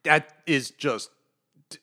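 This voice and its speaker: A middle-aged man co-hosting a podcast, chatting casually in an excitable, emphatic, ranting way. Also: fairly high pitch, takes it slowly. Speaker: podcast co-host. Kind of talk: casual chat.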